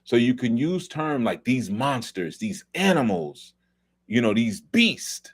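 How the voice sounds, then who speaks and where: A man's voice: mid-range voice, very animated, slow pace, slightly rough. A middle-aged man from New York, hosting a loose, conversational film commentary talk with many asides. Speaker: host.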